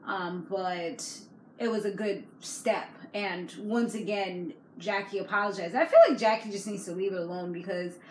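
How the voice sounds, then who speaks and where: A woman's voice: medium pitch, fairly even intonation, moderate pace, a little mellow. Slangy, laughing woman recapping a show. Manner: slangy, chatty, laughs often. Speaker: reality TV recap vlogger. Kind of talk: casual chat. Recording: echoey room with faint background noise.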